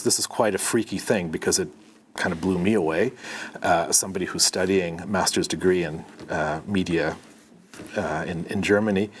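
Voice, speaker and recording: A middle-aged man from Canada, a podcast guest, telling a story in an animated way and acting out the dialogue. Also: low-pitched, slight background noise. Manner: animated, acts out dialogue in his anecdotes. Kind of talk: conversational storytelling.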